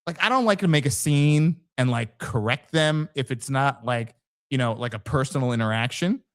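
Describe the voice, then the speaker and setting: A man's voice: medium pitch, normal speed, smooth. A man hosting a podcast in casual conversation, telling stories with animation and acting out the voices of people he quotes. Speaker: podcast host, former police officer.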